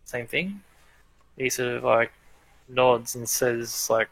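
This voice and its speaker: A man with a bright, forceful voice runs a tabletop game, easygoing and chatty. The sound is dry and close, with no room around it. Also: mid-range voice, takes it slowly, creaky, long pauses, dry recording, low-quality recording. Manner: easygoing, chatty, laughs often. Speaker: game master.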